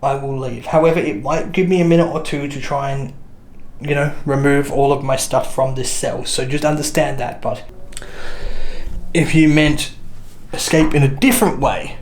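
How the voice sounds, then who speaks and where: A man's voice: medium pitch, fairly even intonation, moderate pace. A man hosting a ghost hunt, politely and earnestly addressing spirits in an old jail cell, with chatty asides. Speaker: paranormal investigator host.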